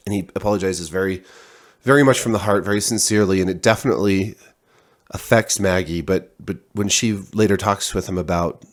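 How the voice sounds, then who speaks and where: A man's voice: sits low, a little fast. A man, a parent, giving a casual spoken TV review, rambling with many restarts and fillers.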